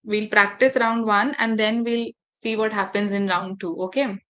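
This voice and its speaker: Woman workshop trainer on a video call; engaging, asks the group questions, mid pitch. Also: fairly even intonation, normal speed, a bit bright, highs cut off. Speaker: faculty development trainer. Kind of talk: online training session.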